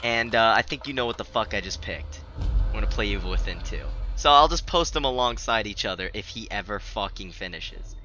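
A man's voice: on the low side, expressive, a little fast, bright, forceful tone, lo-fi sound, faint music behind. A man giving rambling, profane, joking commentary while playing a video game. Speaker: gamer. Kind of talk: let's play commentary. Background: game audio.

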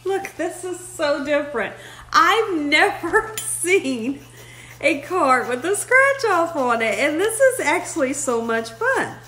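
A woman's voice: high voice, very animated, a little slow, few pauses, fairly bright tone, slight background noise. A woman hosting her own vlog, chatting effusively and talking straight to her viewers in a casual way. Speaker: vlog host.

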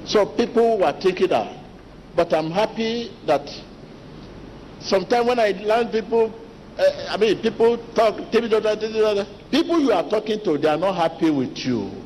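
A man preaching a sermon as pastor, talking to the congregation directly, animated and repetitive. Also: high voice, slight background noise. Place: large church hall. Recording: long church reverb with faint ambience.

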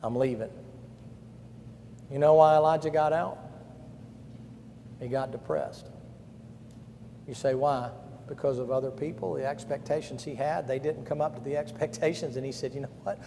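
A pastor preaches to a crowd in a blunt, folksy manner, his fairly high voice dropping to a hush and then rising to a loud push. A long reverb trails every phrase from the big hall, with faint noise under it. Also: fairly even intonation, normal speed, vocal fry, pauses often. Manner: emphatic, swings between hushed and loud. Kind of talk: camp-meeting sermon.

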